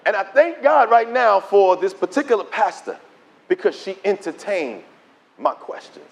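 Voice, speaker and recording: A middle-aged man giving his testimony as a preacher, telling the story in an animated way and acting out the dialogue. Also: high voice, normal speed, gravelly. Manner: animated storytelling, acts out dialogue in quoted voices. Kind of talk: preached testimony to a conference audience.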